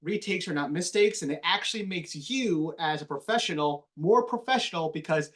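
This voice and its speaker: A man with a fairly high voice gives a casual lecture to a class. He is a TV news anchor. He talks in quick, animated bursts with a slight mumble. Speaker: TV news anchor giving a guest lesson.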